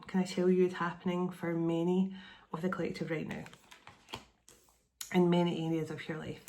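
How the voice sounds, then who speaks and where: A woman's voice: fairly low pitch, darkish tone, a little hiss or hum. A middle-aged woman giving a channeled spiritual card reading, meandering and repeating phrases in an earnest, reassuring way. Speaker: tarot and oracle card reader.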